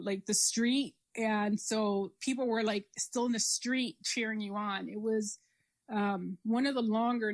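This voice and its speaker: A woman guest talking casually in an interview, rambling with many "like" and "um" fillers. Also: medium pitch. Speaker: triathlete guest.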